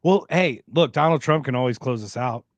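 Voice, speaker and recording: A man's voice: medium pitch, fairly quick, no echo, dull audio. A man co-hosting a podcast in a laid-back, joking way, full of slangy asides like dude and man. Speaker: podcast co-host. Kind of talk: casual chat.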